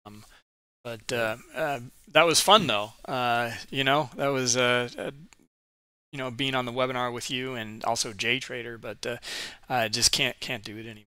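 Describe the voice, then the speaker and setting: A webinar co-host chats casually, hesitant and full of fillers. His voice is very bright, crisp and resonant, recorded close and dry. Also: mid-range voice, steady tone, normal speed, no room sound. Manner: hesitant, heavy with fillers, laughing easily. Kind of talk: casual chat.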